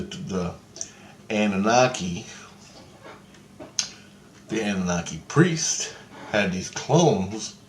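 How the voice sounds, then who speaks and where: A man telling a dream story in a casual, excitable way, swearing freely and jumping into a higher voice for quoted lines. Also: reverberant, slight background noise.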